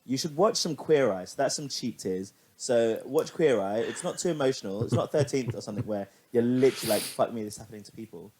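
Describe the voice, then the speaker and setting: Fast-talking, animated young man. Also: mid-range voice, slight background noise. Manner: animated, laughing, swears casually. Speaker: podcast co-host. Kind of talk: casual chat.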